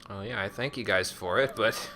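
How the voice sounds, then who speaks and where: Speaking at a normal pace in a lowish register, a man plays through a game and tosses off sarcastic jokes about its characters. It's laid-back let's-play talk from a streamer, recorded with game music behind him.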